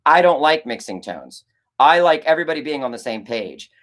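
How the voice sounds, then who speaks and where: A young man, a filmmaker, chatting casually on a livestream and answering chat, rambling and animated, swearing and acting out conversations. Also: a little high, brisk. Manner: animated, rambling, swears, acts out quoted exchanges.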